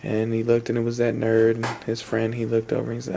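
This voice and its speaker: A man's voice: mid-range voice, monotone, fairly quick, creaky, background noise. A young adult man telling a long story in a rambling, repetitive way, with fillers and restarts. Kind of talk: spoken storytelling.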